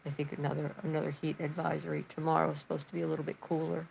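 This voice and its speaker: Livestream host, woman, low gravelly voice, rambling chatty storyteller in her living room. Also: level tone, very fast, darkish tone, a little hiss or hum, rough recording. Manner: reads chat messages aloud. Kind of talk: casual livestream chat.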